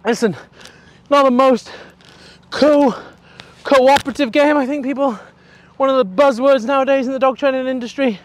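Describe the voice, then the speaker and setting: A young man, a dog trainer explaining his work in an energetic, chatty way with casual swearing. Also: very high voice, moderate pace.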